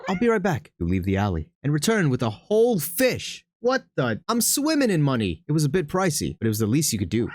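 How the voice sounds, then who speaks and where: A man streaming a text horror game, reading its lines in a low, dramatic hush before leaping up into bright, excited outbursts. His pitch swings widely from line to line. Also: dry recording. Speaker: gaming streamer.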